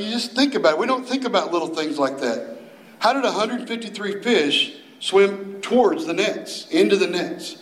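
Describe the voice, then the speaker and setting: A man preaching a sermon as a youth minister, telling the story in a folksy, animated way with playful put-on voices. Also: high voice, reverberant, low-quality recording.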